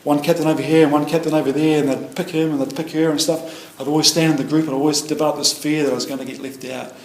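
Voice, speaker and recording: Fast-talking New Zealand man, echoey room. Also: fairly high pitch, little pitch movement, a little hiss or hum. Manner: rambling, many fillers and restarts. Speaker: AA meeting speaker. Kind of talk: personal recovery share. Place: meeting room.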